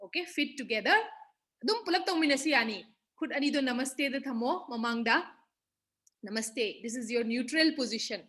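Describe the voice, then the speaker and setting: A woman's voice: on the high side, lively intonation, a little fast, a bit bright. A woman with a Manipuri accent leading an online kids' yoga class on a video call, counting out poses and mixing English with her local language. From Manipur, Northeast India. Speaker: yoga teacher.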